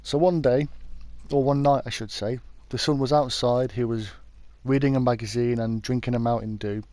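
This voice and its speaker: British guy rambling through a true crime story, warm low-key tone, dry close sound. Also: fairly even intonation, normal speed, dry recording. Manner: chatty, informal, often backtracks to correct himself. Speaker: YouTube true crime host. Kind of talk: casual storytelling narration.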